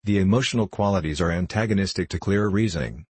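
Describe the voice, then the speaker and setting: A man reading the part of a cool, reasoning detective, with a precise, measured, detached delivery. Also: low-pitched, breathy edge, no room sound. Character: cool, reasoning male detective, middle-aged.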